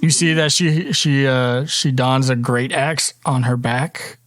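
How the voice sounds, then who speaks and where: A man narrating a tabletop game as dungeon master, relaxed, with fillers. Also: mid-range voice, slow pace, no echo.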